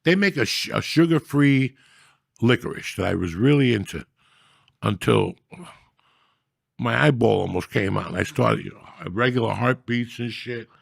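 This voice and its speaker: A man with a heavy, gravelly fry in his voice rants through comic stories on a podcast. His delivery is profane and animated, and it jumps to loud outbursts when he acts out a scene. The sound is close and dry, with no room in it. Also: mid-range voice, measured pace, no echo. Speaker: podcast host. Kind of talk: casual comedic storytelling.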